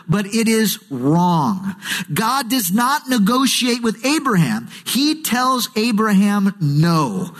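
A man preaching a sermon as pastor, storytelling with humor and acting out quoted voices. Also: sits high. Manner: animated, switching into quoted voices. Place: church sanctuary.

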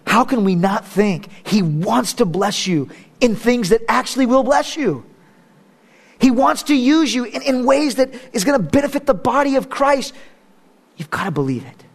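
High-voiced pastor preaching with swings in volume. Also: male voice, expressive, normal speed. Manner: swings from loud, high exhortation to soft, low prayer; joking asides with laughter. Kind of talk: sermon. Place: church service.

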